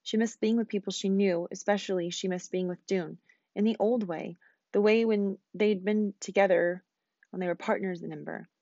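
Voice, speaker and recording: A woman teacher reading a novel aloud, quick and expressive. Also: medium pitch, dry recording, muffled recording.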